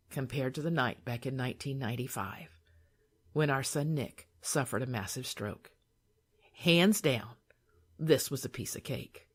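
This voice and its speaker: An older woman reading her own memoir aloud in a calm, soothing, measured way. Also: sits low.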